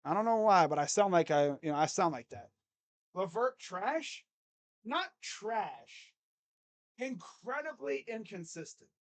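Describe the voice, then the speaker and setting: High-voiced man calling a game live. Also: measured pace. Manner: swings between loud excited calls and low muttered grumbling; casual, rambling fan talk. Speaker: sports YouTuber doing live play-by-play. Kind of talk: live game reaction commentary.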